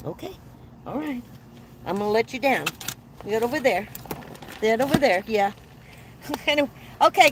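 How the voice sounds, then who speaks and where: A woman's voice: fairly high pitch, slight background noise. An older woman hosting a casual live stream from her van, rambling along and greeting viewers by name.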